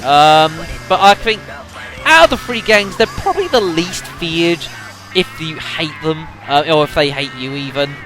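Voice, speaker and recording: A man's voice: a little high, lively intonation, a little slow, music in the background. A man giving casual gameplay commentary, rambling with lots of fillers and addressing the audience as folks. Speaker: let's play commentator.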